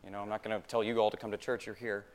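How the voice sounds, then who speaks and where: In a lowish voice with little pitch movement, a male pastor preaches very fast in church. He keeps it conversational, putting rhetorical questions to the congregation and repeating phrases for emphasis.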